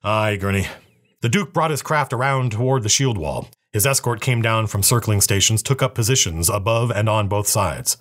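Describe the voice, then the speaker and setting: A man reading a novel aloud with a steady, even storytelling manner. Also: fairly low pitch, normal speed, hardly any pauses.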